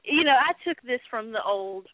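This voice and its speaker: Woman co-host, animated storyteller, pitch swings widely; dry, phone-like sound. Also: normal speed, dry recording. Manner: animated storytelling with laughs and fillers. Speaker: co-host of a wrestling talk show. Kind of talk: casual chat. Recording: tinny phone-line sound.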